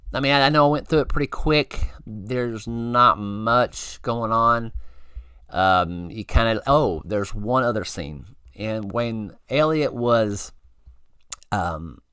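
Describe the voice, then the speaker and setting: A man's voice: deep voice, clear, resonant tone, dry recording, clean studio sound. A man hosting a review channel, recapping a TV episode in a rambling, friendly way with lots of fillers. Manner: rambling, many fillers and restarts; relaxed and friendly. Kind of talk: casual spoken episode recap.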